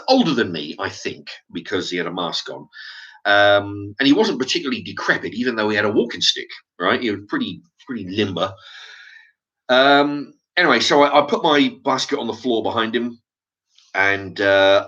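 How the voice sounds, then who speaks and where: Bloke ranting through a story, voice jumping all over, bright edge, swears a lot, kinda dull lo-fi audio. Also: male voice, on the low side. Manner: animated, swears freely, many restarts and repeated "right?". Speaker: vlogger. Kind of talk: casual storytelling monologue.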